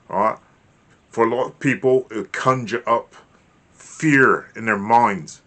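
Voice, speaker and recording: A man's voice: medium pitch, slow, fairly bright tone. A man hosting his own channel, giving a lecture-style monologue in an emphatic, repetitive way and often checking in with the listener. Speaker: channel host.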